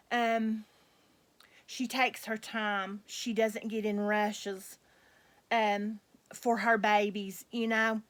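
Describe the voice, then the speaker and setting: A middle-aged woman, chatting casually to her viewers as the host of her own channel, gushing in a soft, drawn-out way. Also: medium pitch. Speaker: reborn doll collector and channel host.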